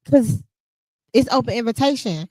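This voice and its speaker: Animated woman podcast host, dry close sound. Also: a little high, normal speed, slightly rough, no room sound. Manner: animated, emphatic, laughs often, speaks in vernacular. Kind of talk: casual conversational chat.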